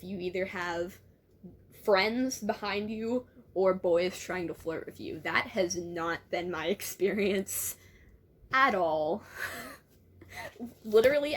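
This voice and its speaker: A woman's voice: mid-range voice, breathy edge. A young woman who reads a teen novel aloud and breaks off often into chatty, amused asides. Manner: chatty, amused, laughs often and interrupts her own reading. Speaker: book reviewer. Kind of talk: casual reading and commentary.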